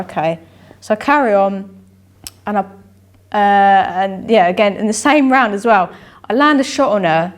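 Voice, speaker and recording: A young woman recounts her fights in an interview, her voice sitting at an ordinary middle pitch. She rambles and circles back, repeating phrases as she goes. She slips into the voices of herself and those around her. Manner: rambling, repeats herself, acts out her own inner voice and dialogue. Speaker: amateur boxer, interview guest. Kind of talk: candid interview storytelling.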